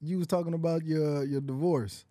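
High-voiced man hosting a casual chat. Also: normal speed, slight background noise. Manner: relaxed, slangy, laughs easily. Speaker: podcast host.

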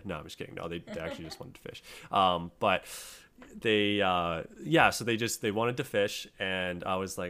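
A man's voice: sits low, brisk, pushed and bright, clean tone. A young man co-hosting a podcast, chatting casually and telling a rambling story full of fillers. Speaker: podcast co-host.

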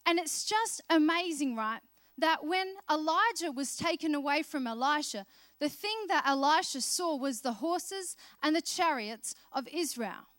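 A woman's voice: high-pitched, expressive, a little slow, fairly bright tone, no echo, clean studio sound. A woman preaching a sermon, telling Bible stories in a conversational way and acting out the characters' lines. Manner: conversational storytelling, acting out voices of biblical characters.

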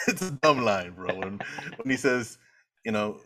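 A man's voice: fairly low pitch, expressive, slow pace, fairly bright tone, a little hiss or hum. A man co-hosting a casual movie rewatch podcast, laid-back and jokey, tossing in "bro" as he picks apart scenes. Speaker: podcast co-host.

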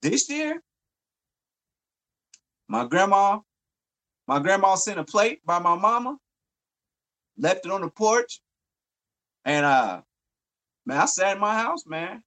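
A man's voice: high voice, big pitch swings, takes it slowly, long pauses, a bit bright, low-quality recording. A man co-hosting a podcast in casual chat, laid-back, repeating his words and tagging lines with "man". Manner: laid-back, repeats words, trailing "man" and "you know what I'm saying". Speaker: podcast co-host.

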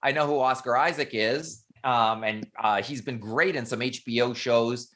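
A man's voice: medium pitch, normal speed, bright, forceful tone. A man co-hosting a casual chat, speaking hesitantly with many fillers and laughing easily. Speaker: podcast co-host.

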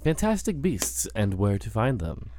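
A man's voice: lowish voice, big pitch swings, a little slow, mellow, slight background noise. Rambling man hosting a chat show. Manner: rambling, self-interrupting, laughing. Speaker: podcast host. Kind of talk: casual podcast chat.

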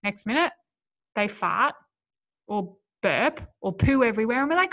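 A woman's voice: fairly high pitch, lively intonation, moderate pace, fairly bright tone. A woman hosting a solo podcast, coaching mothers in an earnest, encouraging way and speaking straight to her listeners.

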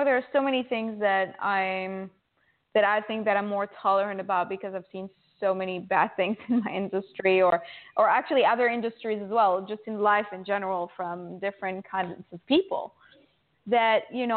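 A woman's voice: medium pitch, steady tone, normal speed. A woman speaking as a guest in a casual interview, chatty and full of "like" and "you know". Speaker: guest actress. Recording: tinny phone line.

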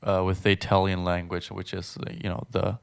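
Smooth-voiced young man chatting on a podcast. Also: low voice, completely flat delivery. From Germany. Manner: chatty, fast-talking, many fillers and restarts. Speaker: podcast co-host. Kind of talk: casual podcast chat.

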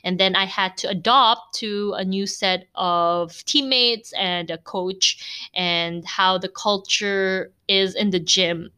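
A woman's voice: on the low side, pushed and bright, clean tone. A woman from the Philippines with a Filipino accent, talking candidly on her own podcast with frequent fillers and light laughs. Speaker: podcast host. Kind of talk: casual solo podcast talk.

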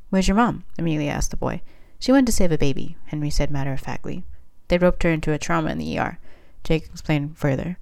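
A woman with a deep, low voice reads a fan story aloud as storybook narration. Her delivery is steady and plain, one voice carrying the whole tale. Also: clean tone. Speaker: fanfiction reader.

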